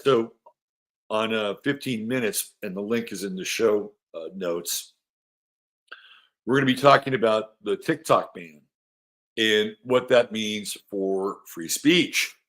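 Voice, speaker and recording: A man's voice: on the low side, takes it slowly. Rambling, chatty man hosting an astrology show. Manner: rambling, chatty, repeats himself; coos softly to his dog. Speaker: astrology podcast host. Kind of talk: casual astrology talk.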